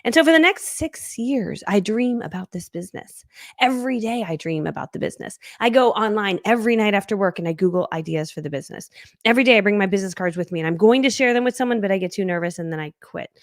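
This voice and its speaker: A woman's voice: medium pitch, lively intonation, fast, no room sound, clean studio sound. A woman in her forties telling her story in a chatty livestream, laughing often and acting out quoted voices. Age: 40s. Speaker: network marketing coach. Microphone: streaming setup.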